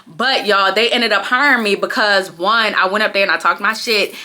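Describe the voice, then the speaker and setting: A young adult woman telling a casual storytime on her vlog, chatty and slangy, with lots of animated asides to her viewers. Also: moderate pace. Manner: animated, slangy, chatty, jumps high for acted-out quotes. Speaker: vlogger.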